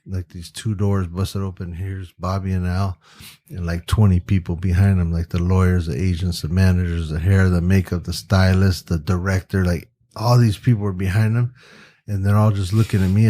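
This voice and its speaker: A man with a lowish voice tells a story from his career in loose, casual talk. He swears often, leans on "you know" and "like," and acts out what people said. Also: a little fast. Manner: profane, animated, acts out quoted voices; frequent fillers like "you know" and "like". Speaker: podcast guest, photographer.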